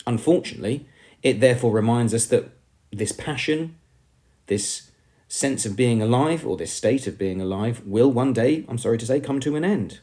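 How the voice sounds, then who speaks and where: A man's voice: medium pitch, animated, moderate pace, mellow. A male teacher with an English accent giving an emphatic poetry lesson, often calling the class "everybody".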